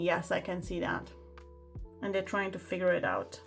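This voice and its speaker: A woman's voice: fairly low pitch, very animated, normal speed, vocal fry, faint music behind. A woman giving a pick-a-card tarot reading, chatting and exclaiming over the cards as she reads them aloud. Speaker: tarot reader.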